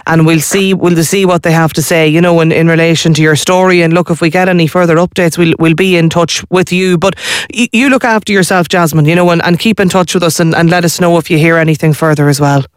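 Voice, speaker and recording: An Irish man hosts a radio phone-in. His voice sits high and he talks quickly, stumbling over restarts as he reassures the caller. The sound is close and dry. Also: steady tone, smooth, dry recording. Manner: reassuring, fast with many restarts. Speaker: radio host.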